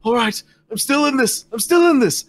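A man's voice: very high voice, expressive, normal speed, pitched above the performer's own voice. A man voicing a flustered male orc contestant in a slapping match who fusses and exclaims in a raised voice. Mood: fretful. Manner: fussy, exclaiming.

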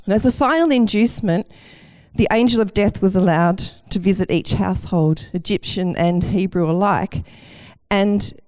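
A woman's voice: mid-range voice, a little mellow. A woman preaching a sermon with enthusiasm and a light self-deprecating humour.

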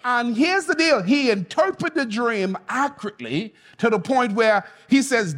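Preacher guy, slow and animated, calls out to the church, big echoey hall. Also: very high voice. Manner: emphatic, calls on the congregation to respond. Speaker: pastor. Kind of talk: sermon.

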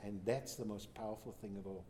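A man, a pastor, telling a church testimony as a lively storyteller who acts out the quoted lines. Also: on the low side, fairly quick, slight background noise. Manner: animated storyteller, voices quotes.

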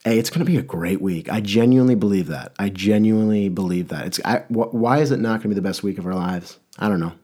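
A man's voice: on the low side, quick pace, few pauses, warm tone, husky. A young man hosting a casual solo podcast, rambling and joking at his own expense, with many restarts. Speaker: podcast host.

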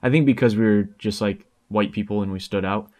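A podcast host, a man with a lowish voice, talks in a loose, laid-back way. He leans on casual fillers as he shares his own stories. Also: steady tone, brisk, darkish tone. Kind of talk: casual chat.

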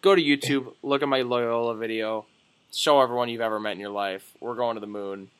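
Excitable young man hosting a sports podcast. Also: medium pitch, fairly quick, clear, resonant tone. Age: young adult. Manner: excitable, swearing, jokey. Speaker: podcast co-host. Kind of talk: casual sports podcast chat.

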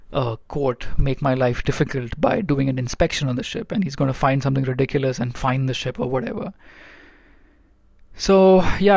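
A man's voice: medium pitch, gravelly, darkish tone, no echo, studio quality. A man who works as a ship's engineer, telling stories from aboard in a rambling, casual way with many fillers and restarts. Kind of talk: casual storytelling vlog. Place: aboard a ship.

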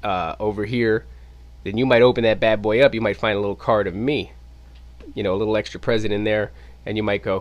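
A man hosting his own podcast, telling a casual story in an animated way and swearing freely. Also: lowish voice, a little fast. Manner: animated, acts out quoted voices, swears casually. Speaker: podcast host. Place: home podcast studio.

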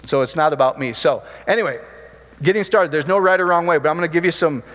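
A man's voice: on the high side, fast talker, fairly bright tone, long reverb tail. A man preaching informally, telling healing stories in a chatty, joking storytelling way. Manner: chatty storytelling, jokey asides. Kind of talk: informal sermon with testimonies.

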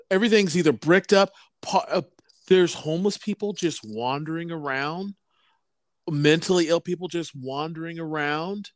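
A man chats in an easygoing way, his voice a bit higher than most men's. The sound is dry and close to the mic. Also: no room sound. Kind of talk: casual chat.

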